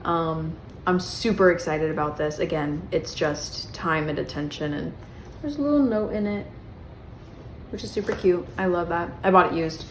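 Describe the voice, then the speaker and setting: A woman's voice: lowish voice, moderate pace, slight background noise. A young woman vlogging casually about her books, chatty and self-mocking, with plenty of "um" and "like" as she rambles. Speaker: book vlogger. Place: bedroom. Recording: echoey room.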